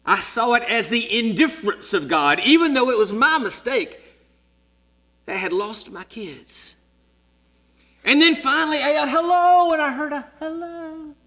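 A man in his sixties preaching a sermon as a story, dramatic, dropping to hushed whispers and rising to shouts. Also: very high-pitched, sing-song, moderate pace, pauses often. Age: 60s.

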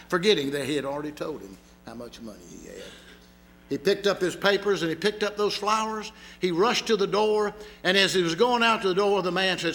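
A man preaching a sermon, telling a story dramatically and swinging from loud to hushed. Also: fairly high pitch, fairly quick. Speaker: pastor.

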